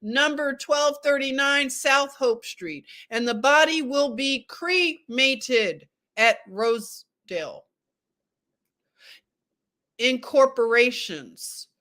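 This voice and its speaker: Woman reading a book out loud real slow for her viewers, stops to chat and joke, voice sits kinda high. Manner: reads aloud slowly, breaking off to joke with viewers. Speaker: host. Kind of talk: casual book discussion, reading aloud.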